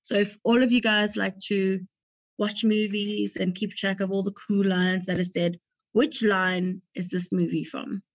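A woman's voice: mid-range voice, level tone, a little slow, dry recording. A young woman hosting a movie quiz, reading out questions and multiple-choice options and chatting between them with a light, joking manner. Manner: chatty, laughs at her own jokes. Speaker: quiz host. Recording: dull dry lo-fi recording.

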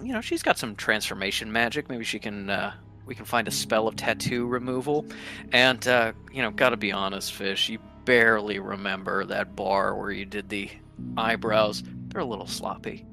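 A man voicing a boastful male mirror-image double of a player's character in a tabletop game, talking loud and brash. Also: on the low side, normal speed, faint music behind.

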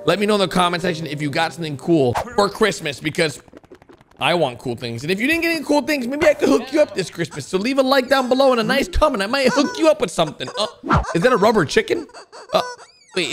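A young man hosting a reaction video, excitable and loud, often laughing and shouting as he comments. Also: sits high. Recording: music playing underneath.

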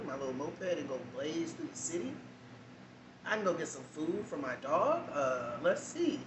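A man telling a story in a candid, animated way, with casual asides. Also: high-pitched. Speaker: vlogger. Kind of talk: storytime monologue. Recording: echoey room, distant mic, background noise.

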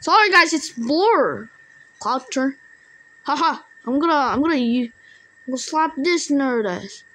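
A woman talks through a game in a high, bright voice. She speaks slowly and casually, then bursts into excitable taunts at other players. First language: Indonesian. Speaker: gamer. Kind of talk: casual gameplay commentary.

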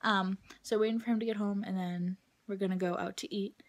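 A woman's voice: mid-range voice, steady tone, brisk. A young adult woman talking straight to camera in a casual vlog, venting bluntly and swearing freely about her day. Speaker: vlogger.

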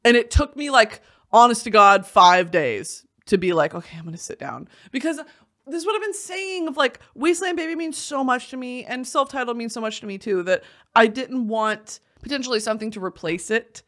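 A young adult woman hosting casual commentary, animated and swearing freely, with bursts of shouting and laughter. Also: fairly high pitch, normal speed. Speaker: host.

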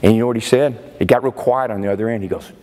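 A man's voice: fairly low pitch, quick pace, mellow, long reverb tail, slight background noise. A male preacher delivering a sermon in an emphatic way, often exclaiming in disbelief. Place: church sanctuary.

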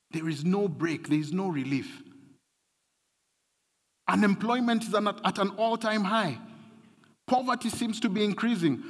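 A man's voice: fairly high pitch, a bit bright, husky. A man preaching a sermon, emphatic and repetitive, his intensity rising and falling. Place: large church hall. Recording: long hall reverb.

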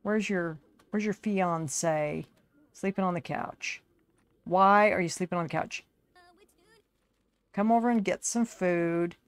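A woman with a somewhat low voice runs casual commentary over her game. She talks to the characters on screen as if fussing over her own kids. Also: slow, long pauses, clear, resonant tone, no room sound. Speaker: gaming video creator.

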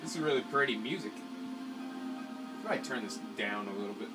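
A man casually commentating a video game he is playing, often excitable and given to sudden shouts. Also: mid-range voice, fairly quick. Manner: excitable, swings from mumbling to yelling. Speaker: let's play commentator. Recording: distant mic with loud game music.

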